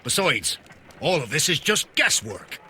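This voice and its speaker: A man's voice: on the high side, big pitch swings, a little slow, sharp tone, a little hiss or hum, heavily acted. An actor playing a proud, defensive male ship's officer in a game. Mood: indignant. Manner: indignant, defensive. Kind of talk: game voice acting.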